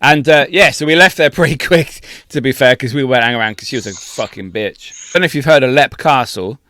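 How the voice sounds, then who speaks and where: A man's voice: medium pitch, a little fast, no echo. Young guy on a podcast, swearing loads telling a trip story, dry close sound. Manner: sweary, animated anecdote telling. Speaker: podcast co-host. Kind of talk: casual storytelling chat.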